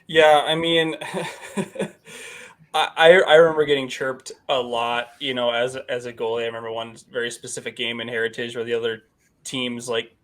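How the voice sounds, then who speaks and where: A man's voice: medium pitch, little pitch movement, normal speed, fairly bright tone. A man who coaches goalies, co-hosting a podcast and chatting casually, laughing often as he talks. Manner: laughs often while talking. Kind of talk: casual chat.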